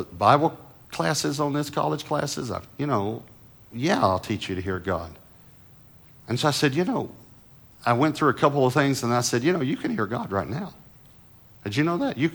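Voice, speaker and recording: A middle-aged man with a fairly low voice preaches a sermon. He tells stories in a conversational way, rising to loud, emphatic lines and then dropping to soft, hushed asides. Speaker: pastor.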